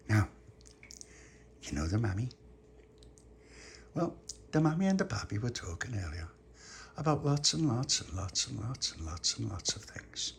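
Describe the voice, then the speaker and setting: A man's voice: fairly low pitch, moderate pace, creaky, pauses often, slight background noise. A man telling a comic bedtime story in a playful, rambling way. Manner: playful, animated, rambling repetitions. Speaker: storyteller host.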